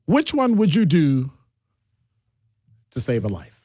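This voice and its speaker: Man voicing a radio talk host: lively, slightly high delivery, bouncing between topics, close dry mic. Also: slow pace, slightly rough, no echo. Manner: animated, jumps between topics, playful asides.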